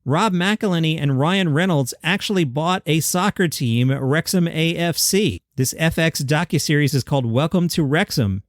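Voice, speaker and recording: A man's voice: on the high side, normal speed, no echo, studio quality. A man hosting a solo comedy news podcast, reading items with wry, jokey asides. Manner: wry, jokey asides between read-out quotes. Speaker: podcast host.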